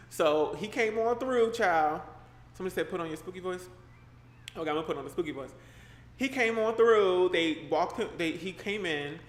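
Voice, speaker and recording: A young man streaming live, reading a horror story aloud and breaking off to joke with viewers in loose, slangy chat. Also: on the high side. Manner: animated, slangy and joking, breaks off to react to chat. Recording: roomy echo with faint background noise.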